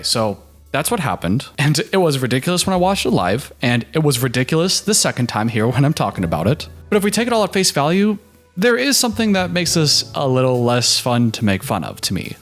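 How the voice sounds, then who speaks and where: A man giving sarcastic, incredulous commentary on a reality show. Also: on the high side. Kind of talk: reaction commentary.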